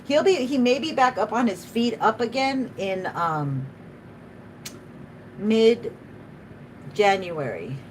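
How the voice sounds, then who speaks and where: A woman's voice: on the high side, very animated, moderate pace, hardly any pauses, slight background noise, low-quality recording. A woman doing a live tarot reading, chatty and emotional, often laughing and speaking to spirit. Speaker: tarot reader.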